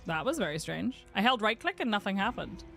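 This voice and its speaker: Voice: mid-range voice, big pitch swings, brisk, gravelly, pushed and bright, faint music behind. A streamer from the UK giving wry, muttering running commentary while playing a game. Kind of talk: casual gameplay commentary.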